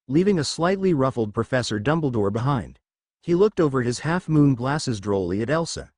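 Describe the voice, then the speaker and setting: A man reading fan fiction aloud as a storyteller, in a lively, expressive way. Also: mid-range voice, dry recording, studio quality.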